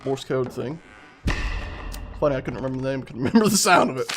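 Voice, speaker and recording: A young man giving rambling, excitable, profane commentary while streaming a game. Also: mid-range voice, fast talker, slight background noise. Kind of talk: casual let's-play commentary.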